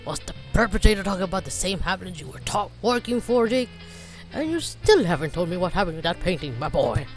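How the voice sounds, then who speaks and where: A woman voicing a fussy, nosy elderly gentleman with a prim, old-fashioned manner. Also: lowish voice, big pitch swings, fairly quick, soft background music. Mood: curious.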